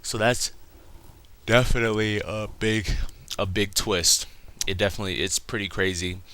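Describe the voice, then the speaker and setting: A young man ambles through a casual comic review, swearing freely as he goes. His voice sits a little low but comes across bright and crisp. He tells the story in a loose, rambling way. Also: fairly even intonation, normal speed. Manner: rambling, profane, laughing retelling. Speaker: manga reviewer.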